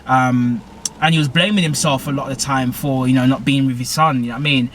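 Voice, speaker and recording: A man's voice: medium pitch, fairly even intonation, fast talker, fairly bright tone, a little hiss or hum. A young British man casually recapping a TV episode, rambling with lots of fillers and corrections. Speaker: TV show reviewer.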